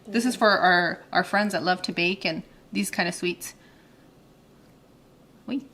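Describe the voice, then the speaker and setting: Bright-voiced woman in her thirties hosting. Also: fairly low pitch, measured pace. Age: 30s. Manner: chatty and giggly, counts aloud while working. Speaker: cooking channel host. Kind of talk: casual cooking demonstration. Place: home kitchen.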